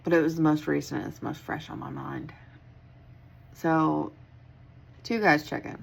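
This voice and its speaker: A woman's voice: deep voice, steady tone, unhurried, creaky, slightly rough. A young woman who works at a hotel, telling a story in a blunt, casual way with plenty of swearing and a tired, wry tone. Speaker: hotel worker.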